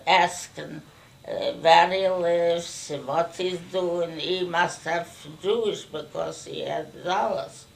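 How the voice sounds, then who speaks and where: An older woman from Ukraine, giving an oral history interview in a halting way, repeating words as she searches for them. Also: fairly low pitch, creaky. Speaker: interviewee recounting wartime memories. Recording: distant mic, faint background noise.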